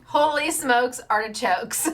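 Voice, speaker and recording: A woman's voice: sits high, slow pace. A woman hosting a paper-crafting show, talking in a bubbly, chatty way, laughing often and acting out little quotes. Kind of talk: casual chatty livestream.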